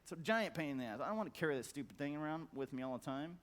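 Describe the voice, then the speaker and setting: A middle-aged man with a fairly high voice talks to a crowd at a conference. He is blunt and swears freely, stacking the same word again and again to drive a point home. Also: expressive, rapid-fire. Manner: blunt, profane, emphatic repetition; acts out quoted voices in a loud high squawk. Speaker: conference speaker. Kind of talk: profane motivational talk. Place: conference hall.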